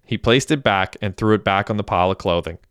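A man giving a steady, even audiobook narration on a close mic. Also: fairly low pitch, fast talker, smooth, no echo. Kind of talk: scripted narration.

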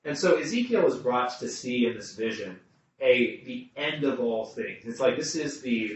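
A man's voice: medium pitch, a little hiss or hum. A man leading a group Bible study, thinking aloud with restarts and putting questions to the people around him. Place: room with a small group. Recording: muffled, echoey room, mic far off.

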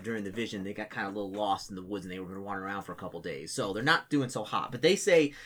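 A man's voice: lowish voice, fairly bright tone, slight background noise. A man narrating as game master, rambling with many restarts and briefly acting out townsfolk.

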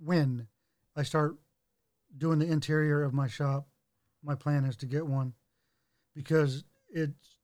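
A man chatting casually, relaxed and hesitant with many fillers. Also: a little high, slow, long pauses, no echo, studio quality. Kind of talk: casual chat.

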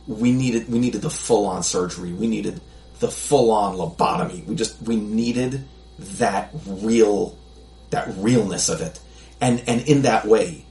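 A man's voice: lowish voice, creaky, a little mellow. A man talking as a podcast guest in casual chat, reflective and rambling with lots of restarts. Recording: echoey room.

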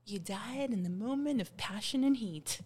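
A woman hosting a casual group chat, laughing often and talking in an animated way. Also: mid-range voice, normal speed, background noise.

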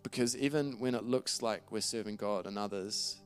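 A man's voice: lowish voice, moderate pace, soft background music. A man preaching a sermon in an earnest, conversational way, reading scripture aloud and often restarting his phrases. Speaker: pastor.

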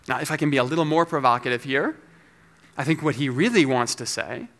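A man preaching a teaching sermon, explaining scripture in a measured, scholarly way. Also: mid-range voice, fairly bright tone. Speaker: pastor.

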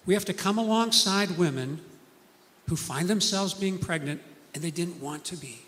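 A man's voice: high-pitched, moderate pace, fairly bright tone, long reverb tail, a little hiss or hum. A man preaching a sermon, telling stories earnestly and acting out the people he quotes.

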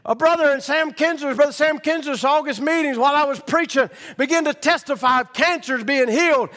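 A man preaching a sermon, rising from quiet storytelling to fervent shouting. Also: very high voice, brisk, few pauses, big-room sound.

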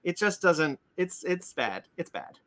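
Casting: bright-toned man, podcast host, loose rambling delivery full of "um"s. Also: high voice, very animated, unhurried. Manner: rambling, many fillers and restarts. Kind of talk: casual chat about comics and cartoons.

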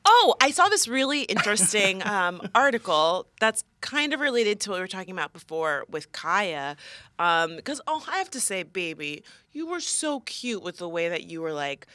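A woman's voice: medium pitch, sing-song, normal speed, sharp tone, dry recording. A woman co-hosting a podcast in casual chat with her husband, playful and teasing, laughing often. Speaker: podcast co-host.

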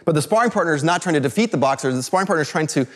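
A man from California telling a personal story to an audience, animated, with many fillers and restarts. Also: a little high, very fast. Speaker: speaker.

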